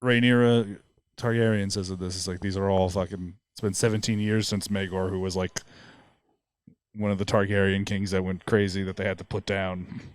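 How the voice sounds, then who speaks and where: Easygoing man with low voice. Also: little pitch movement, smooth, no echo. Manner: easygoing, agreeable, quick to laugh. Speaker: podcast co-host. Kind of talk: casual chat.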